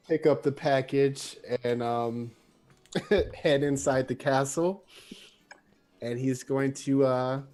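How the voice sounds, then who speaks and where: A male tabletop player who describes his character's actions slowly, stopping often on "uh" and "um". His voice sits at an ordinary pitch. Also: steady tone, darkish tone. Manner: hesitant, filler-heavy.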